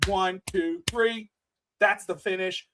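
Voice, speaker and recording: Excitable high-voiced man recapping wrestling. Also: takes it slowly, noisy background. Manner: excitable, swears, laughs often, acts out moments. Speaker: podcast co-host. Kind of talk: casual wrestling podcast chat.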